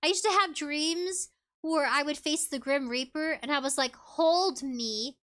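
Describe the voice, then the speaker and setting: Bubbly high-voiced woman streamer. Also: normal speed, sharp tone. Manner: bubbly and giggly, with frequent laughs. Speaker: VTuber streamer. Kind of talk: casual livestream chat, reading viewer comments aloud.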